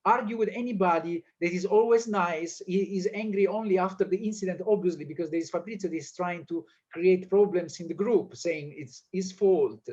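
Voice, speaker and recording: An Italian-speaking man, a film director, answering interview questions in English with lively, stumbling energy and frequent restarts. His voice sits high for a man. The sound is dull and lo-fi, like a video call. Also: brisk, hardly any pauses. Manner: animated, hesitant non-native English with many restarts. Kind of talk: casual interview conversation.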